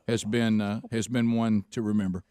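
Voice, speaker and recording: A man's voice: lowish voice, little pitch movement, moderate pace, dark tone, clean tone, no echo, studio quality. A man hosting a radio talk show, easygoing, with a habit of laughing along.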